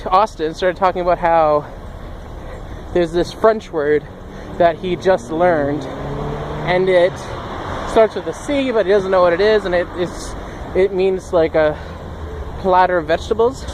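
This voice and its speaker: A man's voice: sits high, a little slow, long pauses, noisy background. A young man telling a funny story in a casual vlog, rambling and laughing often.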